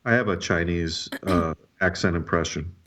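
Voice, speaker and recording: Laid-back low-voiced male co-host. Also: moderate pace, fairly bright tone. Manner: laid-back, agreeable, laughs often. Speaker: podcast co-host. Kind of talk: casual chat.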